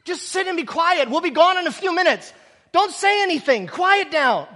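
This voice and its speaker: A curt, dismissive bystander hushing someone in a very high, bright voice, as a preacher acts him out in his sermon. He snaps short commands in a hurry. A long hall reverb trails behind. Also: lively intonation, moderate pace, exaggerated voice. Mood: shushing. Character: bossy shushing male crowd member.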